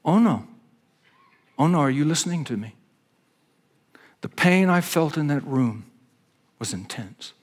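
A man's voice: fairly high pitch, animated, unhurried, long pauses. A man, a pastor preaching a sermon in an earnest, conversational storytelling manner.

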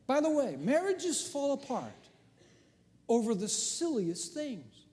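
Casting: middle-aged male pastor, high lively voice, dramatic storyteller, church reverb. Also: a little slow. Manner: animated storytelling, swings from hushed to loud. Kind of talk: sermon. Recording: long hall reverb.

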